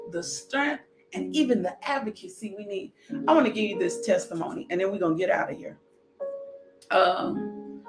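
A woman preaching a sermon with a personal testimony, animated and calling out with bursts of praise. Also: medium pitch. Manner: animated, shouting "woo", laughing. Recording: echoey room with music behind.

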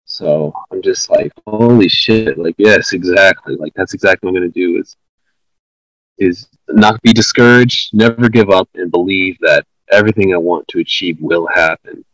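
Low husky man, earnest storytelling. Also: moderate pace, fairly bright tone, no echo, low-quality recording. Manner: earnest, retells stories with lots of fillers. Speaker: podcast co-host. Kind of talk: casual conversation.

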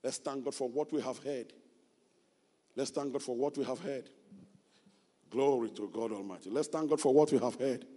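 A man's voice: mid-range voice, moderate pace, pauses often, warm tone. A man preaching a sermon and leading an altar call, repeating phrases in a fervent sing-song way and at times speaking in tongues. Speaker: pastor. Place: church sanctuary. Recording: long church reverb with music behind.

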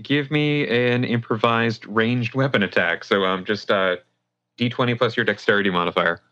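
A man with a bright, forward voice narrates a tabletop game as its game master. He describes the scene in a relaxed way, leaning on fillers. The sound is dry and a bit dull, as if recorded without much room. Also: lowish voice, normal speed, dry recording.

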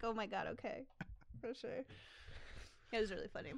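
A woman's voice: fairly high pitch, brisk, gravelly, dry recording, clean studio sound. Chatty, laughing woman podcaster. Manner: chatty storyteller, swears, laughs through her anecdotes. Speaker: podcast co-host. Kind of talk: casual chat.

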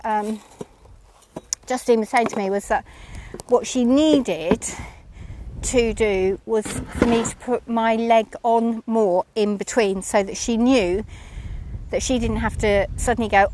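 A woman's voice: fairly high pitch, fairly even intonation, slow, a little mellow, slight background noise. A woman chatting casually about her lesson, rambling and self-mocking, with frequent ums. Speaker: horse rider reviewing her lesson. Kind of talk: casual chat.

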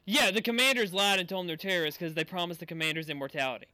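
A man in casual group chat about an anime, excitable and jokey, swearing freely. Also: sits high, very fast.

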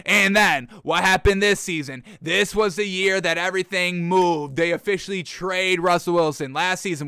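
A man talks through sports news on his own show in a loose, sarcastic, chatty way, often speaking straight to his listeners. His voice sits high and sounds bright and crisp. The recording is dry and close, with no room sound. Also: moderate pace, few pauses, dry recording. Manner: sarcastic, mocks officials with put-on quotes; conversational, addresses listeners as folks and y'all. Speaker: sports commentary host. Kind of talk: solo sports commentary.

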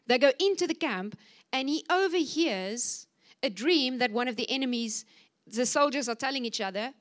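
A woman preaches a fervent sermon to her church, her voice sitting a little high. She pushes her listeners with urgent exhortation and bursts louder when she acts out the words of scripture. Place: church service.

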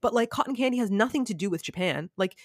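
Animated woman chatting, dry close mic. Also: mid-range voice, quick pace, no echo. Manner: animated storyteller, acts out quotes. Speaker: podcast guest. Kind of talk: casual chat.

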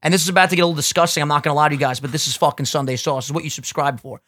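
Young man, podcast co-host, bright forceful voice, swears a lot, animated storyteller. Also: a little high, very fast, no echo. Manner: profane, animated storyteller, gets loud and laughs telling stories. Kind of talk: casual podcast chat.

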